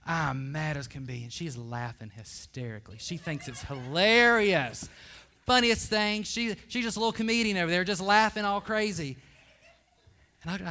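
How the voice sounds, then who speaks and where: A man's voice: on the high side, pushed and bright. A man preaching a sermon, telling a funny personal story with self-deprecating asides to the congregation.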